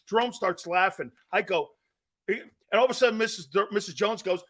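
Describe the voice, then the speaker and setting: A middle-aged male sports talk host in a casual storytelling monologue. His voice sits a little high for a man, and he jumps into the voices of the people he quotes. He laughs often as he talks. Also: animated, fairly quick, a bit bright, slight background noise.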